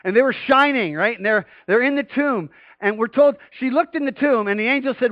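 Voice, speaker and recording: A man preaching a sermon to a congregation in an animated way, often rising louder and higher in pitch to stress a point. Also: normal speed, dry recording, muffled recording. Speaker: pastor.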